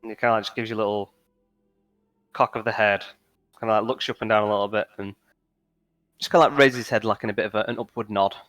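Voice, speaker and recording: A man's voice: lowish voice, steady tone, quick pace, pauses often, fairly bright tone, dry recording. A man running a tabletop game as game master, narrating with many fillers and restarts over a voice call. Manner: hesitant, filler-heavy narration.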